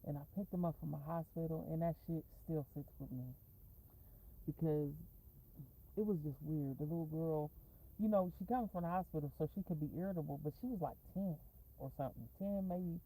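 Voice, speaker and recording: A woman's voice: sits low, brisk, warm tone, breathy edge, low-quality recording. A woman talking casually in a rambling, profane storytime vlog, going off on tangents and laughing often. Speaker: vlogger. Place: in a parked car.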